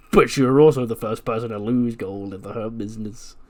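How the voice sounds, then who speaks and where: A man's voice: medium pitch, normal speed, natural voice. A man doing a big, dismissive male champion. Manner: dry, cutting.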